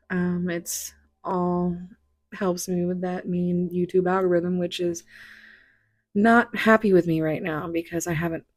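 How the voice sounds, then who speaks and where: Husky-voiced woman giving a tarot reading. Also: on the low side. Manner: chatty, rambling, laughs often, drops into whispered asides. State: hoarse, recovering from illness. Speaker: tarot reader. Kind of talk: casual tarot reading chat.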